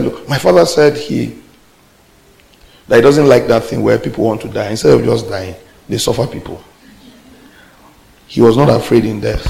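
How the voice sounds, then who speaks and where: A male pastor preaching with a deeply gravelly, fry-laden voice at a middling pitch. He shifts between quiet, low storytelling and loud, climbing call-and-response exclamations to the congregation. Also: low-quality recording. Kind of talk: sermon.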